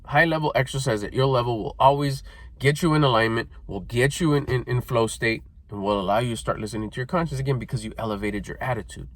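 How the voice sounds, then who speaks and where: A man's voice: mid-range voice, quick pace. A middle-aged man giving a blunt, profane motivational talk, scolding listeners and mocking their excuses in whiny put-on voices. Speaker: motivational speaker.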